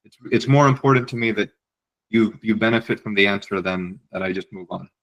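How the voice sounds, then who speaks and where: A man's voice: on the low side, fairly quick, fairly bright tone, highs cut off. Man giving direct advice in a webinar. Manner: direct, encouraging, repeats words. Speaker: webinar presenter, psychiatry fellow. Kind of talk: advice lecture on writing.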